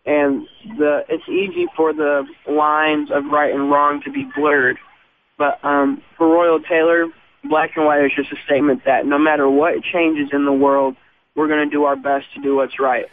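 A man from a band giving earnest, reflective answers in a faith interview, slowing down to stress key words. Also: a little high, level tone. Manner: earnest, reflective, slows for emphasis. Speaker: band member guest. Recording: tinny phone-line sound with faint noise.

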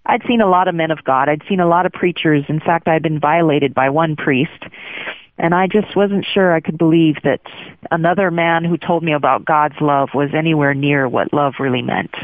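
A woman candidly telling her life story in an interview, animated and acting out what others said. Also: sits low, normal speed, no echo. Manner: candid and animated, acts out quotes. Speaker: guest sharing her testimony. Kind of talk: personal storytelling on a phone interview. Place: Hawaii. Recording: tinny phone line.

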